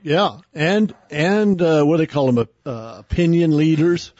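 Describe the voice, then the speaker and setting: A man's voice: on the high side, a little slow, darkish tone, no room sound, muffled recording. A man from Oklahoma hosting a political radio talk show, folksy and joking.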